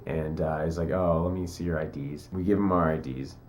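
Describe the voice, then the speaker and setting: A man's voice: extremely low pitch, fairly even intonation, a little fast, a little mellow. A young man vlogging, telling a story in a chatty, joking way and acting out what people said. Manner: chatty, joking, acts out quotes. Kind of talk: casual storytelling.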